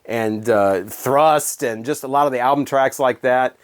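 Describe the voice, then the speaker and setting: A middle-aged man, a former radio DJ, telling rambling stories in a casual monologue full of fillers and restarts. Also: medium pitch. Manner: rambling, many fillers and restarts, quick laughs. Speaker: former radio DJ and video host.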